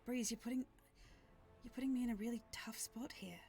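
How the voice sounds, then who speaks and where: A woman voicing a cautious, hesitant guard captain in a hushed voice, as whispered role-play. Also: on the high side, fairly even intonation, fairly quick, faint music behind, natural voice.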